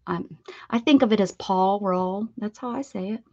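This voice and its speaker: A woman's voice: mid-range voice, animated, normal speed, creaky, dry recording, lo-fi sound. A woman hosting an art livestream, chatting playfully with viewers, laughing often and singing a short welcome jingle. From United States. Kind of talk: casual chat greeting viewers.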